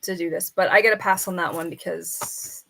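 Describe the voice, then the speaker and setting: Woman, bright voice, casual live stream, reads quiz questions aloud, chatty, argues with the answers. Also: on the low side, fairly even intonation, normal speed, gravelly. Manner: talks softly to her bird between questions. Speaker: falconer streamer.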